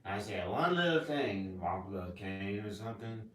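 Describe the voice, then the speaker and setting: A man rambling to camera in a casual monologue, jumping between topics with sudden loud laughing outbursts. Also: lowish voice, expressive, moderate pace, distant mic. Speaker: vlogger. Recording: echoey room, voice off mic.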